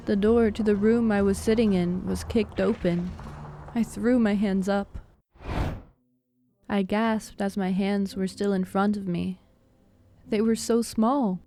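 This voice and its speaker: A woman narrates a spooky story in a slow, deliberate reading with little rise and fall in her voice. Her tone is dark and mellow and stays steady from line to line. Soft music plays faintly underneath. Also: mid-range voice. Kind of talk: scripted narration. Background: faint background music.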